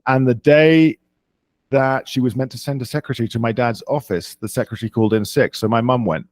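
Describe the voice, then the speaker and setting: A man's voice: medium pitch, a little fast, a little mellow, no room sound. A man from London with a British accent, a podcast host answering interview questions about his life in a self-deprecating, rambling way. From England.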